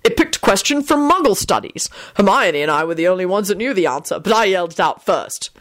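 A woman's voice: medium pitch, lively intonation, a little fast, natural voice. Arthur, a woman doing an eager wizard dad. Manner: pleased, eager explaining. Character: middle-aged wizard father, playful and competitive. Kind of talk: audiobook reading.

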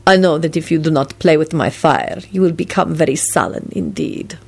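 A woman's voice: low voice, normal speed, vocal fry, darkish tone, breathy edge, full character voice. A woman voicing a cool, self-satisfied male vampire lord who speaks in a languid, disdainful way.

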